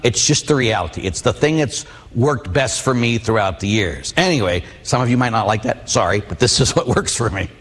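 A man's voice: fairly low pitch, animated, brisk, hardly any pauses, a bit bright, breathy edge. A middle-aged man, a Catholic priest, preaching a sermon, telling personal stories and asking the audience questions. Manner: storytelling, rhetorical questions to the audience. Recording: long hall reverb.

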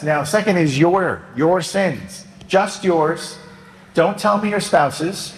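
A man's voice: fairly high pitch, animated, slow, slight background noise. A man, a Catholic priest, giving a sermon in a chatty, joking, plain-spoken way. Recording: roomy long church reverb, faint ambience.

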